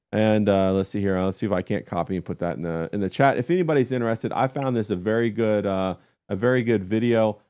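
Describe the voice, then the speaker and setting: Low-voiced man hosting a livestream. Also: warm tone. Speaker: livestream host. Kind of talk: casual livestream chat.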